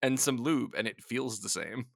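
Male podcast host, gravelly and bright, crude banter, dry close mic. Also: medium pitch, moderate pace, no echo. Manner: crude joking, acts out voices of others, laughs often. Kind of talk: casual comedic chat.

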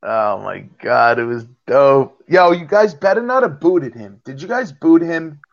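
A man's voice: on the high side, lively intonation, a little slow, gravelly, highs cut off. A man in casual livestream banter, teasing and rambling.

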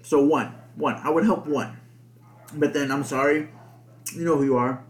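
A man's voice: fairly high pitch, steady tone, moderate pace. Rambling, foul-mouthed male podcaster. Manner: rambling, heavy swearing and filler words. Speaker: podcast host. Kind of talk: casual podcast monologue. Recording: echoey room.

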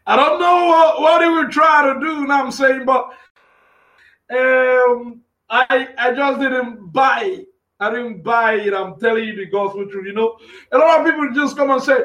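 A man preaching on a live stream in an excitable, repetitive way, often asking "you know what I'm saying". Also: very high voice, moderate pace. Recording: echoey room sound.

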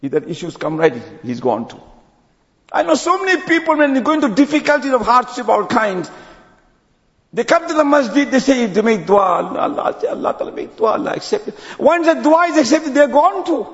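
A man giving a sermon as an imam, telling stories and dropping to low quiet tones at phrase ends. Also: big-room sound, dull audio.

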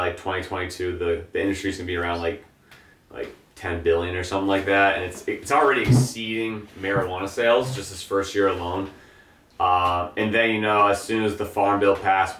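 A young man, a hemp grower, chatting casually as a guest in an interview, relaxed and rambling with lots of fillers. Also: deep voice. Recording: echoey room, distant mic.

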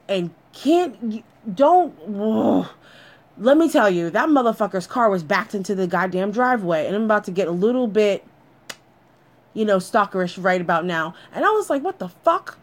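A young adult woman telling a personal story with lots of swearing, addressing her listeners directly. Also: medium pitch.

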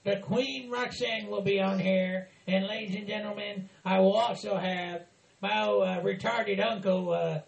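A man hosts a casual podcast in a rambling, teasing hillbilly persona. His voice sits high for a man and has a gravelly edge. The recording is roomy and echoey, with faint music underneath. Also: fairly even intonation, unhurried, muffled recording, a crowd in the background. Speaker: podcast host.

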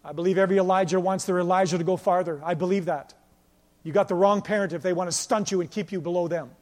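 A male pastor preaching a sermon with passion, moving between loud emphatic lines and quiet storytelling. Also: sits high, fairly even intonation, quick pace. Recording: long hall reverb.

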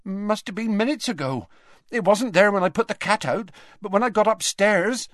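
A man voicing a frightened, flustered middle-aged woman who runs an inn, speaking fast and high. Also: no room sound, studio quality, lightly acted.

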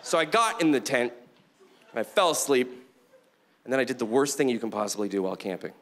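A man's voice: mid-range voice, brisk. A middle-aged man doing a stand-up comedy set on a club stage, talking animatedly and acting out voices. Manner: animated, acts out voices and quotes. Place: comedy club stage before a live audience.

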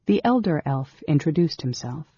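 A man narrating a fantasy audiobook in a measured, dramatic storytelling manner. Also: a little high, big pitch swings, mellow, husky, no room sound, dull audio. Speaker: audiobook reader.

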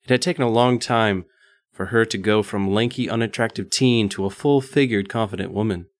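Man, low-pitched, dry close sound, podcast co-host, reading a steamy story with jokey stumbles. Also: a little fast, dry recording. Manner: joking, reads with mock drama and stumbles. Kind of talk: casual chat and reading smut aloud.

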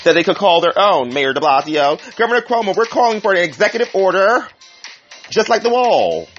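A man's voice: high voice, sing-song, a little fast, faint music behind. A man hosting a community talk show, sassy and theatrical, calling listeners honey and child. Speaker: community radio host. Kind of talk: flamboyant comic commentary. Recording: dull lo-fi recording with loud hiss.

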